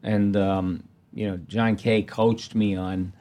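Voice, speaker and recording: An older man, a guest voice actor, telling stories in an animated, laughing way. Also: lowish voice, slow. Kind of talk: casual storytelling.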